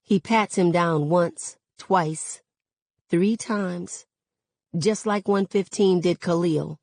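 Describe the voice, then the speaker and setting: Woman reading a novel aloud, slow, low-pitched, dry close sound. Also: darkish tone, dry recording. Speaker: reader.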